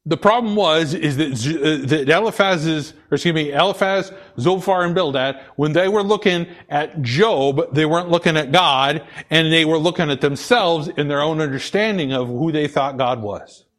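A man's voice: fairly high pitch, moderate pace, hardly any pauses, fairly bright tone. A man preaching a sermon, repeating key phrases for emphasis and often stumbling and restarting. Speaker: pastor.

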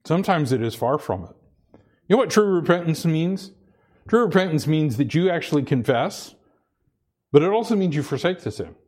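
A man's voice: fairly high pitch, big pitch swings, moderate pace, a little mellow. A man preaching a sermon, earnest, repeating himself and restarting phrases as he presses his point. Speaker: pastor.

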